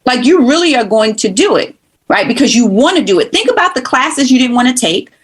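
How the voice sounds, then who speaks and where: A woman from Brooklyn, New York, with a New York accent, talking as a podcast guest in an emphatic, animated way and often acting out quoted voices. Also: sits high, a little fast, breathy edge. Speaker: guest, former college instructor. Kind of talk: casual interview chat.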